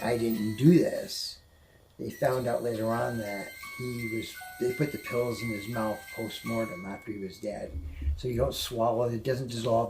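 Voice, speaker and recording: Gravelly man telling an emotional story. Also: mid-range voice, a little mellow, low-quality recording. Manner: halting, restarts and repeats when upset. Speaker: guest telling a personal story. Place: indoors at a house museum.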